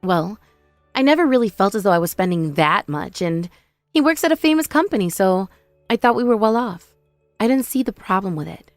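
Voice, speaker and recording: A woman's voice: medium pitch, big pitch swings, fairly quick, no room sound, soft background music. A woman voicing a remorseful young sister-in-law who pleads and whines for forgiveness. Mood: defensive. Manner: pleading, whiny, self-pitying.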